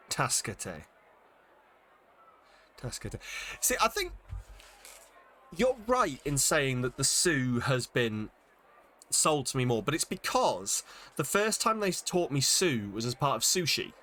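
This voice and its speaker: A man's voice: mid-range voice, very animated, unhurried, sharp tone, a little hiss or hum. A man streaming a game, chatting casually and thinking aloud as he sounds out Japanese words, with many fillers. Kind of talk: casual live-stream chat while reading Japanese.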